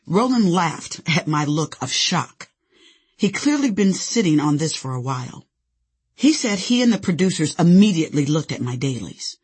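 Woman, memoir narration, sassy, conversational, raspy, wide-ranging pitch. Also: very animated, normal speed, a little mellow. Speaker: author and narrator.

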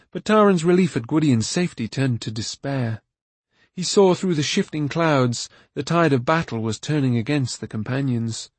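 Guy reading a fantasy audiobook, steady and even, dead dry sound. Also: mid-range voice, no echo. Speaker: audiobook narrator. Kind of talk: scripted narration.

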